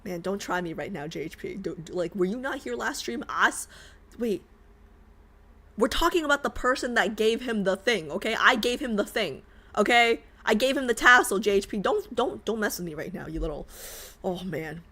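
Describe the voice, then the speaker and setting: A young woman streaming a game live, chatting in an animated, exasperated, rambling way. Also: medium pitch, moderate pace.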